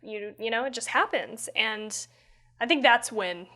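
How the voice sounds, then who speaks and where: Woman co-host, higher voice, loose storyteller, curses easily. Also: bright, forceful tone. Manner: storytelling, swears freely, quick bursts. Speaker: podcast co-host. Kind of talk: casual chat.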